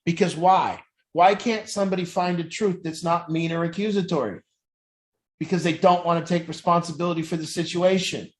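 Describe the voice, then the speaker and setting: A man who works as an addiction recovery coach, talking bluntly and intensely about truth in families and swearing often. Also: high-pitched. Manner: profane, intense, preachy. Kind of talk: blunt motivational talk.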